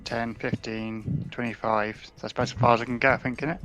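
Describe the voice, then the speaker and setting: A man's voice: medium pitch, little pitch movement, a little fast, fairly bright tone, soft background music. A man playing a tabletop game, talking casually and thinking aloud as he plans his turn. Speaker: player.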